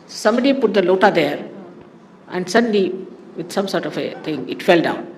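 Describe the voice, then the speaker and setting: A woman's voice: fairly low pitch, lively intonation, moderate pace, a little mellow. A woman speaks as a spiritual teacher addressing her followers. She tells stories and wanders off into asides along the way. Her voice rings through a large reverberant hall over a faint hum of background noise. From India. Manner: anecdotal, digressive storytelling with asides. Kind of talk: spoken talk to followers.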